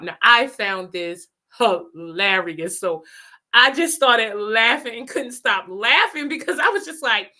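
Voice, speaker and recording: A woman host casually telling a personal story, animated and laughing often as she talks. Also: on the high side, measured pace.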